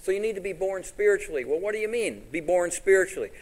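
A man's voice: high voice, expressive, fast, poor audio. A man preaching a sermon in a conversational way, asking the congregation questions and paraphrasing scripture. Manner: paraphrases scripture in quoted voices. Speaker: pastor.

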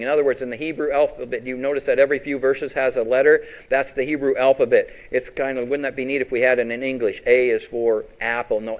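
A man's voice: mid-range voice, rough recording. A man preaching a sermon as pastor, quoting scripture and asking his congregation questions, with big rises and drops for emphasis.

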